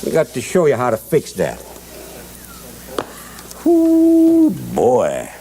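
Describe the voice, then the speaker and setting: A man's voice: lowish voice, wildly swooping pitch, moderate pace, dark tone. A man with a Cajun Louisiana accent hosts a cooking show, drawling and joking as he walks through a recipe and chuckles at his own lines. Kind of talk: folksy cooking demonstration with storytelling.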